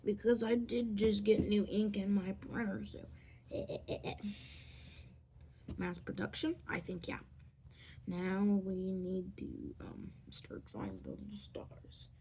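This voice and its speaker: A woman's voice: animated, a little slow, warm tone, a little hiss or hum. A woman chatting casually through a drawing tutorial, rambling, playful and often dropping to a whisper as she draws. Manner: playful, makes silly squeaky noises. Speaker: vlogger drawing on camera.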